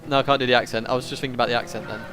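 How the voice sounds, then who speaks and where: Rapid-fire and fairly bright, a medium-pitched man with fairly even intonation commentates live on his sim race and chats with viewers. He mumbles asides as he drives, with soft music and the game's car engine noise behind him.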